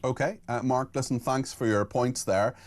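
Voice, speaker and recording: Guy hosting a radio phone-in, reads listener messages fast and chats with callers. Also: mid-range voice, fairly even intonation. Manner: brisk, reading out listener messages. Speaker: radio host.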